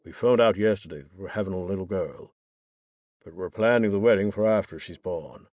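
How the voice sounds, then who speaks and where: A man's voice: sits low, brisk, a little mellow, no room sound, studio quality, natural voice. A man voicing a remorseful young man who pleads with his estranged best friend. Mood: pleading. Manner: apologetic, pleading.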